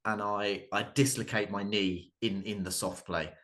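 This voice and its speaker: A man in his thirties doing a stand-up set, halting and full of ums and restarts. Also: lowish voice, fairly even intonation, fairly bright tone. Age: 30s. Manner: hesitant, many ums and restarts. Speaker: stand-up comedian. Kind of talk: stand-up routine at an open mic.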